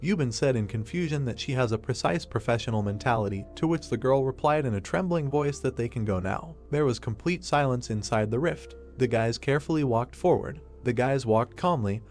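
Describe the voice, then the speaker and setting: A man narrating a story recap in a steady third-person storytelling manner. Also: mid-range voice, fairly quick, hardly any pauses, soft background music.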